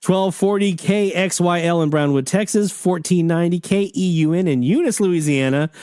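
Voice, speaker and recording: Guy hosting a radio hobby live stream, kinda high voice, dry close sound, soft music behind, folksy and pumped. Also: normal speed, clear, resonant tone, no echo. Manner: enthusiastic, folksy, reads listener messages aloud. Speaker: radio hobby show host. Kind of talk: live-stream casual chat.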